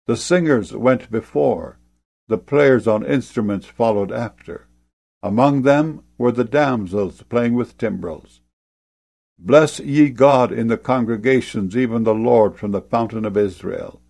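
A man reading scripture aloud in a steady, solemn manner. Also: medium pitch, measured pace, gravelly, no room sound. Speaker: Bible reader.

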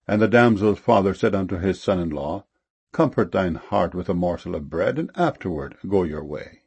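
Male scripture reader; low, raspy, measured, dry booth sound. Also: no echo. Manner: steady, measured reading of archaic verses. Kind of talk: scripture reading.

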